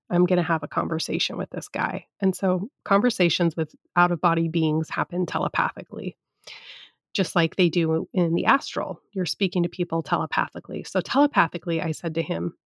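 A woman's voice: fairly low pitch, no echo, studio quality. A woman hosting a podcast, telling personal stories in a chatty, candid way with casual swearing. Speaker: podcast host. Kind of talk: casual storytelling monologue.

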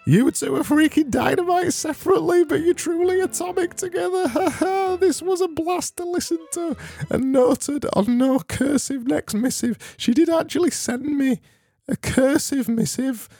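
A man putting on a high, gushing female fan voice to read out a listener message. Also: moderate pace, vocal fry, dark tone.

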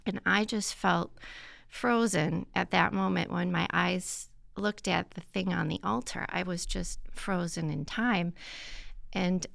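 A woman guest recounting a personal experience in an earnest, reflective way, with soft hesitations. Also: lowish voice, slow, creaky, no echo, clean studio sound. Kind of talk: personal testimony in conversation.

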